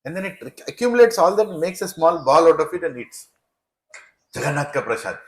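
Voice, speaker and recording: A man, a spiritual teacher telling a sermon story in an animated way, often checking in with the audience. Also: on the high side, a little fast, roomy sound, low-quality recording. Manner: animated, asks the audience "right?". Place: devotional center hall.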